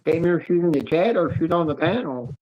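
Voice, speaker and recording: A woman's voice: on the low side, lively intonation, racing, dull audio. A woman co-hosting a livestream in casual chat, telling rambling, crude stories. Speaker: livestream co-host.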